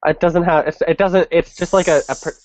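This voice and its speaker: A young man chatting casually about a game, hesitant and halting with many pauses. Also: on the high side, steady tone, darkish tone, low-quality recording. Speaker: younger brother, gaming channel host. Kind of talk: casual chat.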